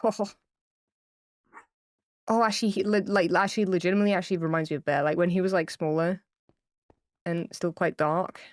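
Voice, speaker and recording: A woman's voice: fairly low pitch, steady tone, a little fast, long pauses, no room sound, studio quality. A woman live-streaming a game, talking casually to viewers in a rambling, chatty way with lots of fillers, and gushing tearfully over cute pets. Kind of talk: casual livestream chat to viewers. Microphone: streaming mic, camera off.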